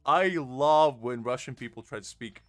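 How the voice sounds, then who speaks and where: A man's voice: mid-range voice, moderate pace, fairly bright tone, no echo, soft background music. Jokey, tired man streamer chatting. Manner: jokey, laughs often, reads chat aloud. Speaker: game streamer. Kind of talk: casual live-stream chat.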